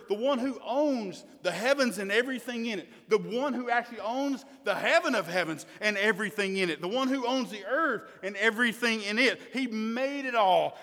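Male preacher, bright high voice, emphatic delivery shifting from quiet to forceful, long reverb of a hall. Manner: emphatic, swings from hushed to loud. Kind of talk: sermon.

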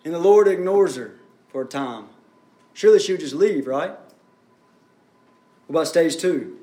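A man's voice: fairly high pitch, animated, moderate pace, warm tone, echoey room. A man preaching a sermon as pastor, building up and easing off in intensity. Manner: preaching with rising and falling intensity.

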